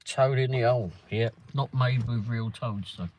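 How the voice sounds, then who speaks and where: A man's voice: mid-range voice, moderate pace, darkish tone, poor audio. Chatty English man hosting a live stream. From England. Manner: chatty, rambling, answers viewers by name. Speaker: livestream host. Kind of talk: casual chat reading live comments. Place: in a car around town.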